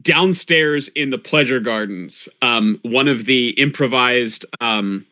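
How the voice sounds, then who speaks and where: A man running a tabletop game, narrating scenes like a camera panning out. His voice is bright and clear, broken up by ums, uhs and restarts as he thinks aloud. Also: medium pitch, slow. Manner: cinematic scene narration with frequent fillers. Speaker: game master.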